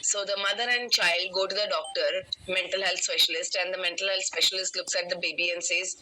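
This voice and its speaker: Motivational coach, woman, very bright tone, emphatic storyteller. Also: on the low side, brisk, few pauses, low-quality recording. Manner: animated, emphatic, addresses listeners directly. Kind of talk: storytelling in an online session.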